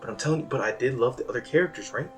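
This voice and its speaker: A young man talking in a casual, rambling monologue that is self-deprecating and jumps from quiet musing to loud outbursts. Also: mid-range voice, animated, racing, far from the mic. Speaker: vlogger. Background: background music.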